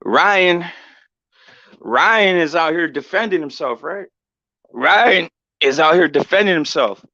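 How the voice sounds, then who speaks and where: A man hosting a sports commentary show, talking in a loose, profane rant that repeats itself for emphasis. His voice sits a little high for a man. The recording sounds dull and dry. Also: slow pace, no room sound. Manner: profane, animated, repetitive. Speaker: show host.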